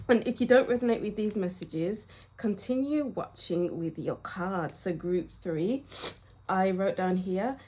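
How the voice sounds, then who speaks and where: A woman reads tarot cards in a relaxed, encouraging voice, pausing to think aloud and repeating her affirmations. She speaks at an ordinary middle pitch, as a casual reading recorded at home. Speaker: tarot reader.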